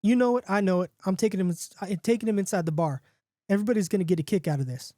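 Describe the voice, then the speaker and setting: A man voicing an excitable rough man who insists his wolf can talk, loud and pushy. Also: high voice, very fast, dry recording, clean studio sound, natural voice. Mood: excited.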